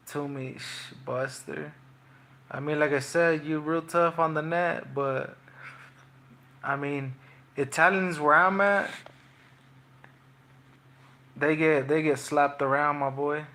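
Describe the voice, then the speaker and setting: A man's voice: on the high side, fairly even intonation, slow pace, pauses often, bright, forceful tone. A young man, a boxer, taunting his livestream chat in slangy, repetitive trash talk.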